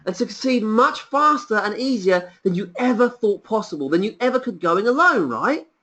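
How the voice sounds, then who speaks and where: A man presenting a sales pitch on a webinar, enthusiastic and persuasive, piling up rhetorical questions. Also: very animated, normal speed, pushed and bright.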